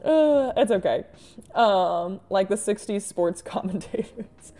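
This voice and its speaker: Drawing live on stream, this woman artist speaks at a medium pitch, slowly and steadily, with a warm tone. Her chatter is casual and self-mocking, dotted with frequent laughs and sighs.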